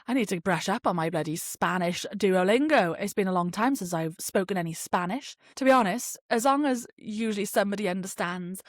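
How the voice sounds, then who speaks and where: A woman rambles through a solo podcast, chatty and sweary, dropping fillers as she goes while she fights off a cold. Her voice sits mid-pitch, recorded close and dry with no room sound. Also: animated, a little fast, dry recording. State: has a cold. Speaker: podcast host. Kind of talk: casual solo podcast chat.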